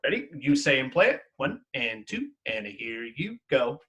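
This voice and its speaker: A male music teacher leading an online lesson for children, upbeat and encouraging. His pitch leaps and dips with lively energy as he counts the class in and chants rhythm syllables with them, speaking into a computer mic. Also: unhurried, highs cut off.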